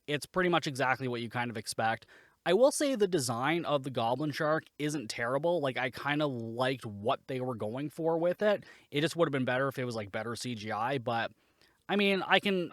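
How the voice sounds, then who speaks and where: A man's voice: mid-range voice, animated, brisk, fairly bright tone, no echo, studio quality. A man hosting a podcast, giving a casual, rambling and sarcastic spoken review, swearing freely. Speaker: podcast host, movie reviewer.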